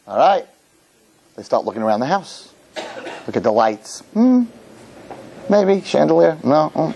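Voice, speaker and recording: Animated man telling a story in a sermon. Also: a little high, measured pace, gravelly, long pauses, poor audio. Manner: animated storyteller, jokes, acts out characters. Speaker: rabbi. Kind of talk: humorous sermon lecture.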